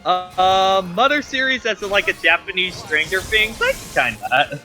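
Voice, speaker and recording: A man's voice: high voice, expressive, normal speed, pushed and bright, soft background music, rough recording. A man in casual gaming chat, hesitating with fillers and laughing along.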